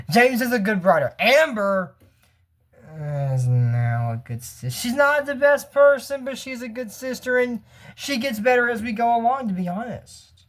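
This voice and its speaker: Rambling casual cartoon reviewer. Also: medium pitch. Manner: rambling, goes off on tangents, chuckles often. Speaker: YouTuber reviewing a cartoon episode. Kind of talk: casual commentary.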